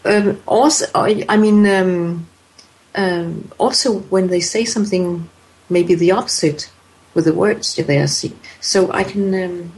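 Slow, hesitant woman explaining. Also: lowish voice, darkish tone, rough recording. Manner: hesitant, many fillers and restarts. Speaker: voice expert guest. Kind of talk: interview answers.

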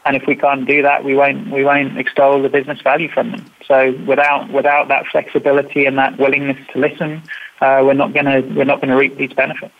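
Man, guest, flat delivery, hesitant, tinny phone-line sound. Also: medium pitch, brisk, creaky. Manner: hesitant, many fillers and restarts, even tone. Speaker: guest, sponsor. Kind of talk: casual business talk.

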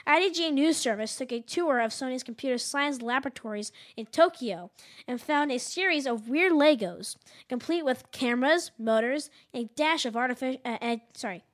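High-voiced young woman reading gadget news. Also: expressive, normal speed. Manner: reads news items aloud, stumbles and jokes at herself. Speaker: podcast host. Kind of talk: casual gadget news chat.

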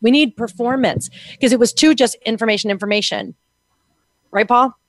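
A woman co-hosting a show, giving direct and animated feedback on a guest's interview, often acting out quotes. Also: on the high side, moderate pace, no echo. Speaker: co-host giving media coaching feedback. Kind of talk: conversational critique.

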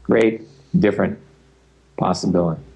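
A man's voice: deep voice, fairly even intonation, moderate pace, mellow, slightly rough. An older man answering interview questions as a speaker and facilitator, talking in an easygoing, rambling way with the odd tease.

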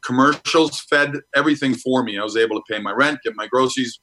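A man's voice: medium pitch, fast, bright, forceful tone, poor audio. A middle-aged man from Minnesota, a guest actor talking frankly about his career in a casual interview.

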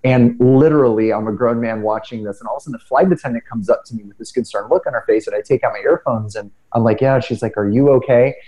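A middle-aged man with a dark, mellow voice talks through personal stories in an easygoing conversational way. He is earnest and a little self-deprecating, often restarting mid-sentence as his thoughts catch up. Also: mid-range voice, fast, few pauses, rough recording. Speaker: podcast guest speaker. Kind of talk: casual conversational storytelling.

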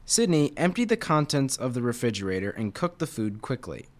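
A man's voice: medium pitch, very animated, a little fast. A man reading a children's novel aloud in a casual way, with slips and restarts. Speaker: reader.

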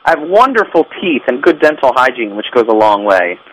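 A man's voice: mid-range voice, big pitch swings, fairly quick, a bit bright, a little hiss or hum, low-quality recording. A man being interviewed as a guest, talking about his TV show in an easygoing, agreeable and playful way. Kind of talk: casual interview chat.

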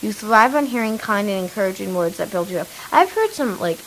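A woman's voice: medium pitch, expressive, brisk, a little hiss or hum, low-quality recording. A teenage girl co-hosting a kids' radio show, chatty and rambling, with many fillers. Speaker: young co-host. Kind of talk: casual chat.

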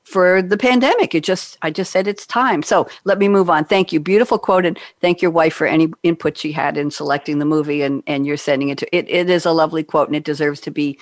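A woman's voice: low-pitched, fast, hardly any pauses, no echo, clean studio sound. Chatty woman host from New York. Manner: chatty, laughs at own jokes. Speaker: radio show host. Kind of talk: hosting a video call show. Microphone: video call.

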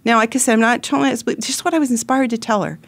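A woman's voice: on the high side, steady tone, very fast. A middle-aged woman host telling a personal story in an earnest, heartfelt way, often restarting her sentences.

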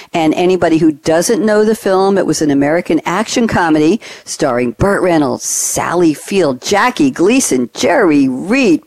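A woman's voice: deep voice, darkish tone, dry recording. A woman hosting a business panel show, chatty and upbeat, fond of trivia asides. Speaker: podcast host.

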